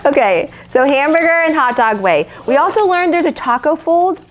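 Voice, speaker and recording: A woman's voice: high voice, sing-song, moderate pace. A woman leading a live lettering lesson, chatty and encouraging, with fillers and restarts. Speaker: art instructor.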